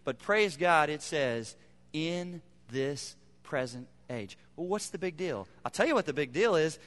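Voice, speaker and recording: A man's voice: fairly high pitch, animated, unhurried, fairly bright tone, big-room sound. A man preaching a sermon as pastor, emphatic and repeating phrases for effect. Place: church sanctuary.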